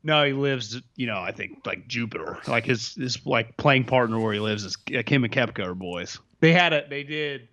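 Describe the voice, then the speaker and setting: A man's voice: medium pitch, animated, moderate pace, hardly any pauses, a bit bright. A man co-hosting a sports podcast in casual chat, rambling with lots of filler words. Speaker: podcast co-host.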